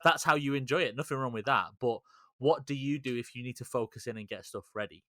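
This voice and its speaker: A man's voice: medium pitch, fast, bright, forceful tone, dry recording. A man hosting a podcast in casual chat, rambling, teasing and swearing freely. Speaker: podcast host.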